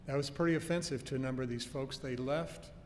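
A man preaching a sermon in an earnest, emphatic way, slowing down to stress key phrases. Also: mid-range voice. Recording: faint noise and long hall reverb.

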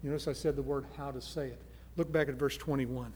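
A man preaching a sermon, earnest, moving from soft pleading to loud emphasis. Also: medium pitch, steady tone, quick pace, in a large hall, slight background noise. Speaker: pastor.

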